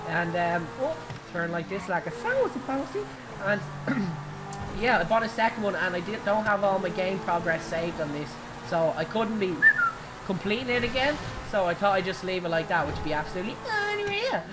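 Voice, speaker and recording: A young Irish woman giving excitable, giggly live commentary while playing a driving game, shrieking at her crashes. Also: fairly low pitch, normal speed, over loud music. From Ireland. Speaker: game streamer. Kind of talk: live gaming stream commentary.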